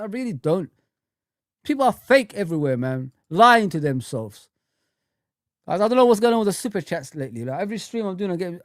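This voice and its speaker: A man's voice: high voice, no room sound, clean studio sound. Heated man ranting on a fan livestream. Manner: heated, swearing, repeats himself. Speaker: football fan channel host. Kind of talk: livestream rant and chat.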